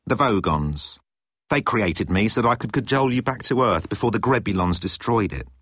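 Low calm robot bird, man doing it, slow and precise, a bit husky. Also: no echo, clean studio sound. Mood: explaining.

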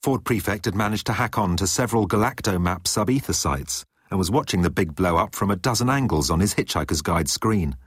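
A man reading a story aloud as narrator, in a lively storytelling way. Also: low-pitched, brisk, few pauses, husky, no echo, clean studio sound. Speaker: audiobook narrator. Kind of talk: scripted narration.

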